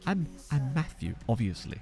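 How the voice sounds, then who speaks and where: A man's voice: medium pitch, big pitch swings, moderate pace, vocal fry, darkish tone, faint music behind. A young man chatting casually while streaming a game, joking about viewers' names and reading the chat. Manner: jokey, riffing on viewers' names.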